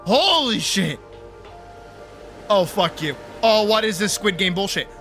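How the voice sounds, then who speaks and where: A very high, bright voice belongs to a man streaming a game, ranting and swearing loudly at a puzzle. He moves between disbelieving complaints and yelling fits, with faint game music under his voice. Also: lively intonation, unhurried. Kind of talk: live gameplay commentary.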